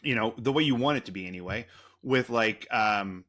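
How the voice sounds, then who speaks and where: A man's voice: on the low side, moderate pace, fairly bright tone. A man co-hosting a podcast, rambling through a story in a loose, profane, casual way. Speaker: podcast co-host.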